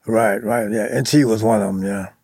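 An older man being interviewed about his band's music, talking haltingly with many ums and you-knows. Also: on the low side, steady tone, creaky, a little mellow, slightly rough, no echo, studio quality. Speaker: musician guest. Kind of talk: casual interview talk.

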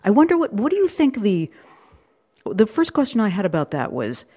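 A woman's voice: mid-range voice, big pitch swings, normal speed, warm tone. A woman hosting a radio book show, asking thoughtful, curious questions. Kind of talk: radio interview.

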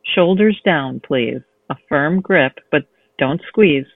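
A courtly male fencing instructor, smooth and gently insistent as he guides a nervous beginner, voiced by a woman reading her novel. The sound is thin and phone-like, with no room echo. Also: fairly high pitch, slow pace, full character voice. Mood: coaxing. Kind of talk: read-aloud novel excerpt. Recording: tinny phone-line sound, dry.

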